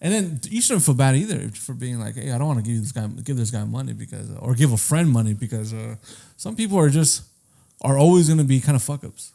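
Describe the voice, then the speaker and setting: A man on a casual podcast, telling a long rambling story and swearing freely. His pitch climbs and drops a lot as he slips into the voices of the people he quotes. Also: expressive, a little fast, vocal fry, warm tone. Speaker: podcast co-host. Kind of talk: casual chat.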